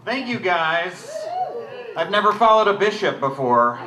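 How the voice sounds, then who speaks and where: A man's voice: high voice, big pitch swings, a little slow, distant mic. A man from the United States doing a self-deprecating stand-up set. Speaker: stand-up comedian. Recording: echoey room with clear background noise.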